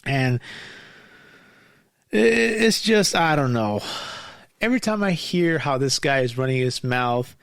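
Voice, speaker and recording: A man's voice: medium pitch, lively intonation, slow, gravelly, long pauses, dry recording, clean studio sound. A man hosting his own show, ranting angrily in a casual, profane monologue full of restarts and fillers. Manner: angry, profane, rambling with many restarts and fillers. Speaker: podcast host.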